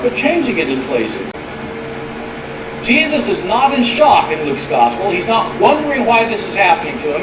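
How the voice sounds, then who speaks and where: A man delivering a formal debate speech in an emphatic, lecturing manner. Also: sits high. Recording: distant, echoey, noisy archive clip.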